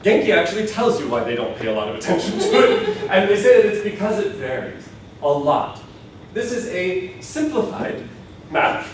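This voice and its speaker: A man lectures a class with a slightly raised voice, explaining patiently and laughing now and then. He is caught from across a strongly echoing classroom. A faint hum of room noise sits underneath. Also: on the high side. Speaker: Japanese language teacher. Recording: echoey classroom from far off.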